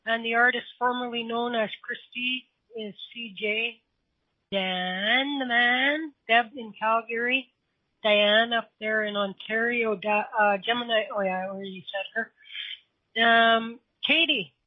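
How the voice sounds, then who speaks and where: A woman hosting an internet radio show, rambling through chatty shout-outs to listeners. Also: on the high side, no room sound. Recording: tinny phone line.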